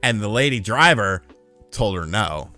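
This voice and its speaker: A man's voice: lowish voice, unhurried, soft background music. A man streaming live, telling rambling, profane stories in casual chat. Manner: profane, rambling, animated storyteller. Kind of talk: casual storytelling on a livestream.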